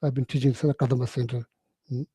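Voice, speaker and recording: A man giving a Buddhist teaching, telling stories in halting, repetitive phrases with many "you know"s and frequent throat-clearing. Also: mid-range voice, level tone, warm tone, no room sound. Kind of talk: storytelling dharma talk.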